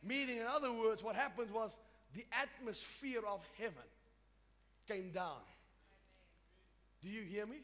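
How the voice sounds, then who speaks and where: A man's voice: sits high, measured pace, long pauses, fairly bright tone. A man preaching a sermon, emphatic and repetitive, often restarting his phrases. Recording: reverberant hall with faint music.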